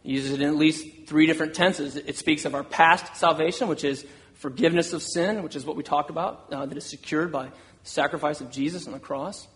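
A man's voice: fairly high pitch, steady tone, a little fast, a bit bright. A man preaching a sermon, earnest, voicing an apostle's words with rising intensity. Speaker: pastor.

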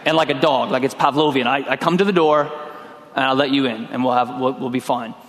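A middle-aged man preaching a sermon in a relaxed, conversational way, telling a personal story and acting out his own lines. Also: medium pitch, a little fast. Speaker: pastor. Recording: long hall reverb.

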